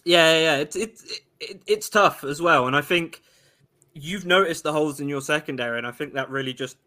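A man from Wales, a podcaster guest giving measured opinions in casual sports talk. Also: a little high, bright, forceful tone.

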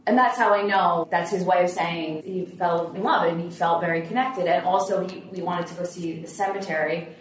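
A woman chatting casually on a podcast, telling a personal travel story in a relaxed way. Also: fairly low pitch, normal speed. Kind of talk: casual roundtable chat. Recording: very echoey, distant from the mic, faint hiss.

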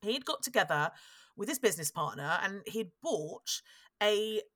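Telling a history tale on her podcast, a woman speaks in a medium-pitched, animated, slightly bright voice, a little on the slow side. The studio-quality recording has no room sound, and her storytelling is chatty and wry, frequently interrupting itself to restart.

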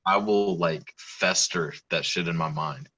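A man in casual podcast chat, relaxed and agreeable, mostly backing the other speaker up. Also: low voice, a little slow, lo-fi sound, over a noisy crowd.

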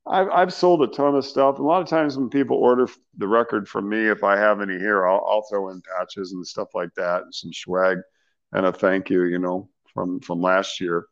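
A middle-aged man, a singer, being interviewed, telling stories in a loose, animated way with slang and laughs. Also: on the low side, moderate pace, highs cut off. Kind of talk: casual storytelling interview.

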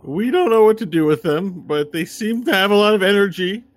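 A man's voice: high voice, brisk, dry recording, voice pushed up, natural voice. A man voicing Walnut, an anxious young female messenger in a tabletop game who stammers and rambles. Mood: flustered.

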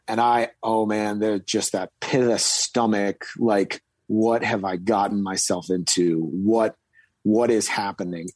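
Rambling storytelling man, dry sound. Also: dry recording. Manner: rambling, many fillers and restarts, sudden emphatic pitch jumps. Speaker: guest recounting military service. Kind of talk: casual storytelling.

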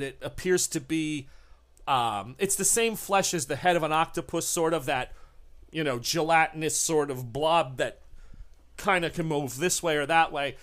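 A male game master narrating a tabletop horror game. His voice sits a little high and is animated. He bursts into shouted character lines at dramatic moments. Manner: lively, acts out lines in shouts.

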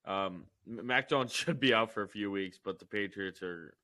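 A man's voice: fairly low pitch, moderate pace, pushed and bright, no echo, studio quality. A man co-hosting a casual football podcast, stammering and laughing as he talks, swearing freely. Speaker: podcast co-host. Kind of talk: casual sports chat.

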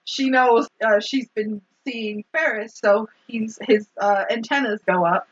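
Woman, podcast co-host, casual movie recap, husky and a bit high, does little character voices; dull lo-fi recording. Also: a little slow. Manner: animated retelling, acts out characters' lines, laughs often.

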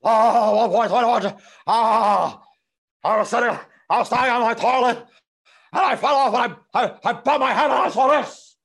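A man's voice: moderate pace, creaky, long pauses, a bit bright, husky, heavily acted. A man doing an impression of a bewildered young man, babbling in panic. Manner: high, breathless and babbling.

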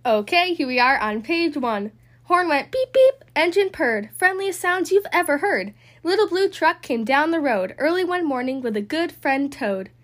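A woman's voice: sits high, big pitch swings, moderate pace, fairly bright tone. Woman reading a picture book, sing-song. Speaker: children's story podcast host.

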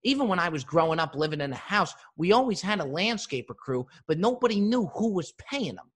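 A man's voice: high voice, a little fast, husky. A man hosting a podcast, telling comic stories from his living room with swearing and mimicry. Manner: animated storytelling with profanity and mimicry. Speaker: podcast host. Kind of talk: comedic monologue. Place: living room with open windows.

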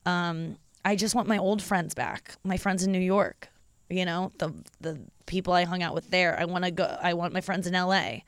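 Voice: mid-range voice, steady tone, moderate pace, clean tone, no room sound. A podcast host in their thirties, from the St. Louis area, talking in a candid, confessional, rambling way with lots of fillers. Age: 30s. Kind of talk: casual solo podcast monologue.

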